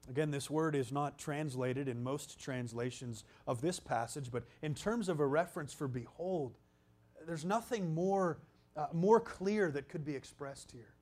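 A man preaching a sermon, emphatic, swinging from loud exclamations down to hushed, almost whispered lines. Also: a little high, a little slow.

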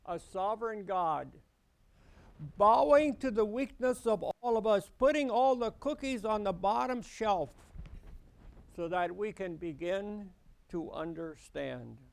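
A man preaching a sermon, slow and deliberate, rising into emphatic lines. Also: high voice, expressive, creaky.

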